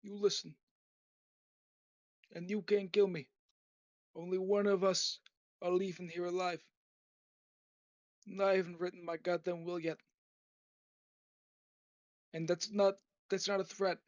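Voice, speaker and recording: Guy putting on a rambling old mob boss, gruff and threatening, dry lo-fi mic. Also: high-pitched, level tone, measured pace, long pauses, darkish tone, dry recording. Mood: menacing. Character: aging male mafia boss, menacing, rambling. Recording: dull lo-fi dry home recording.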